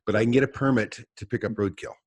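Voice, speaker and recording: A man's voice: medium pitch, fairly even intonation, fast talker, dry recording. A man, a trapper guest on a podcast, telling rambling stories from his office and chuckling often. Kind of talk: casual podcast chat.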